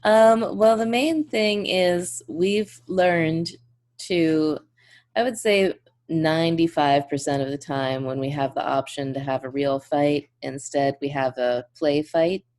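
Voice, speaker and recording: A woman's voice: deep voice, slow, darkish tone. A woman guest in a casual interview, speaking earnestly and effusively and laughing often. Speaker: podcast guest.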